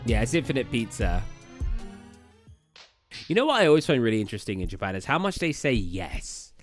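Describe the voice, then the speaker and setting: A man's voice: medium pitch, sing-song, a little fast, soft background music. A young British man streaming a game live, chatting casually and rambling, often tripping over words. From Britain. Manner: rambling, chatty, stumbles over place names. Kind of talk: casual chat while live gaming.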